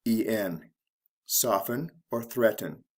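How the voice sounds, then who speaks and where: A man gives a scripted English grammar lesson at a very slow, deliberate pace. His voice sits slightly low, and he spells endings out letter by letter before saying each example word with careful stress. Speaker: English teacher.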